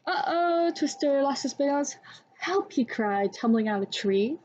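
A young woman reading a children's book aloud in a steady storytelling manner. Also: a little high, normal speed, a little hiss or hum. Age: young adult. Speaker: student volunteer reader. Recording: dull lo-fi recording.

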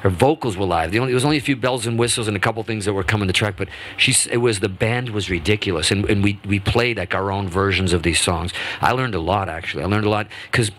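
A lower-pitched man in his fifties, telling stories as a guest in a radio studio. He is lively, restarts his sentences a lot, and acts out what others said. Faint noise sits behind his voice. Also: fast talker, hardly any pauses. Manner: animated, restarts often, acts out quotes. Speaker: guest musician. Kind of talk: casual interview storytelling.

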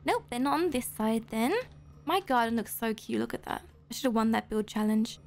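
Brief: young-sounding woman game streamer, high voice with vocal fry, bubbly, gasps and squeals a lot. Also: a little fast, a little hiss or hum. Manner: excitable, gushing, frequent gasps and squeals; talks straight to viewers. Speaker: YouTuber host. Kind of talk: Roblox gameplay commentary.

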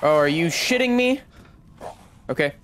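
A young man streaming a horror video game, reacting with excitable, profane trash-talk into a desk mic at home. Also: on the high side, a little slow, a little hiss or hum. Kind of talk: let's play commentary.

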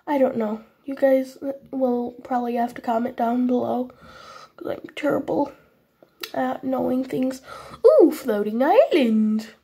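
High, husky woman with a sniffly voice. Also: little pitch movement, unhurried, mellow. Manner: chatty, apologetic, talks to viewers while playing; speaks in a vague put-on foreign accent. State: sniffly after a cold. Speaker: gaming channel host. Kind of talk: casual Minecraft gameplay commentary.

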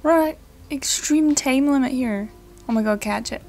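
A young woman giving casual, excitable commentary while playing a video game, giggling and swearing now and then. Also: sits high, moderate pace, soft background music. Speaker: let's play gamer.

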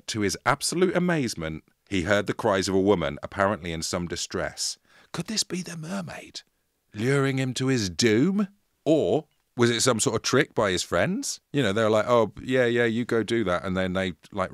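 Deep-voiced man telling a story. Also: no room sound, clean studio sound. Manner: playful, jokey, lively retelling. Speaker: podcast co-host and storyteller. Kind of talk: casual comedic storytelling chat.

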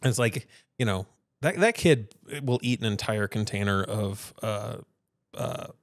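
In a casual podcast he co-hosts, this father meanders through anecdotes and voices the people he quotes. He speaks a little slowly in a lowish register, recorded at studio quality without any room sound.

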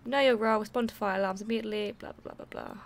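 This gaming YouTuber races through her let's play, her mid-range voice gravelly but steady in tone. The young woman chats while playing, reacting and reading the game's text out loud.

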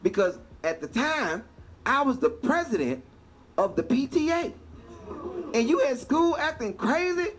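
A man doing stand-up comedy, telling a long story with animated delivery and laughter. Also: extremely high pitch, unhurried. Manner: animated, laughing through punchlines. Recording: noisy stand-up clip played back.

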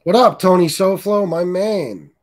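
A man's voice: sits high, measured pace, darkish tone. A middle-aged man hosting a live stream, reading chat comments and trash-talking in a blunt, crude, heated way. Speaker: livestream host reading chat. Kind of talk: casual profane live-stream rant.

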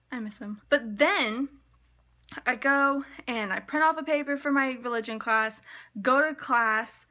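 A young woman in college vlogging excitedly and gushing, with lots of "like" fillers. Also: a little high. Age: young adult. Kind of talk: casual vlog.

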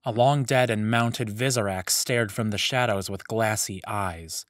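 A man narrating a fantasy story serial in a measured, even storytelling manner, close to the mic. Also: lowish voice, dry recording. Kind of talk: scripted audiobook narration.

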